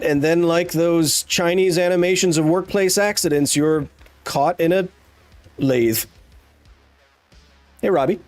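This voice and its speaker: A man's voice: a little high, measured pace, long pauses, darkish tone, no room sound, soft background music. A man hosting a live stream, ranting casually in a sarcastic, exasperated way. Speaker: streamer host.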